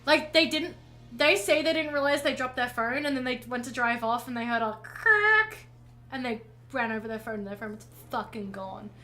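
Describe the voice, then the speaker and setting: A woman's voice: a little high, expressive, normal speed, pushed and bright, low-quality recording. A woman streaming while painting, telling a rambling story in casual chat and often correcting herself. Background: faint music.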